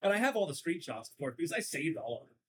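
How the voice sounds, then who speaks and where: A man's voice: on the high side, very animated, very fast, slightly rough, rough recording. A man with a Southern Californian accent, hosting a casual podcast and telling stories at length in a sardonic, rambling way. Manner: talkative, sardonic, rambling storyteller. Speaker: podcast host. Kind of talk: casual chat.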